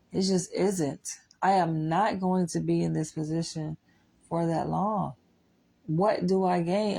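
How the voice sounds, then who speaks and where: A woman's voice: mid-range voice, creaky, a little mellow, low-quality recording. A woman vlogging a candid personal monologue, blunt and profane, laughing often between points.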